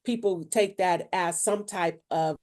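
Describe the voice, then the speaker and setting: A woman's voice: fairly low pitch, a little slow, darkish tone. A woman preacher co-hosting a casual faith podcast, speaking firmly and with authority. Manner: firm, assertive, speaks with authority. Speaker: preacher, co-host.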